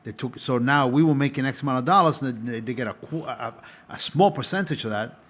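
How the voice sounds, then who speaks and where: A man in his fifties, once a stage performer, talks through his career in an easygoing interview. His voice is husky and sits at a middle pitch, and he circles back and restarts his sentences as he goes. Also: a little fast, a bit bright. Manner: rambling, restarts often, chatty. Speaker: guest, former stage actor. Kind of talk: conversational interview answers.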